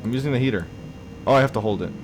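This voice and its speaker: A man's voice: mid-range voice, rapid-fire, slight background noise. Jumpy young man playing a horror game. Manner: jumpy, reacting aloud, lots of fillers. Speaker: gaming YouTuber. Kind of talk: casual let's-play commentary.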